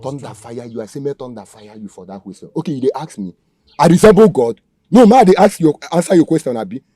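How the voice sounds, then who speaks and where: A man's voice: medium pitch, lively intonation, fast, no echo, natural voice. An actor with a Nigerian Pidgin accent playing a menacing, taunting male kidnapper. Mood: mocking. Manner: threatening, taunting, shouting orders. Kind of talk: Nollywood film acting.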